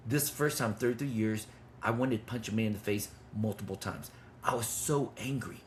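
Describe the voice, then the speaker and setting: A man's voice: on the low side, moderate pace, slight background noise. A man in his fifties telling a personal story with intensity and blunt, swearing talk, as a men's ministry leader. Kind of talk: testimony in conversation.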